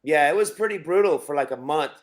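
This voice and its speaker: A man talks casually in an interview in a friendly, chatty way. His voice sits a bit higher than most men's, and he keeps throwing questions to the others. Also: expressive, fast. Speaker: guest musician.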